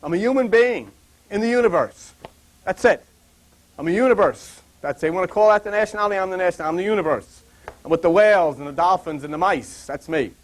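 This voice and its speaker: An older man giving a rambling Bible talk and drifting into funny personal stories in an animated, digressive way. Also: high voice, fairly quick. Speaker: Bible teacher.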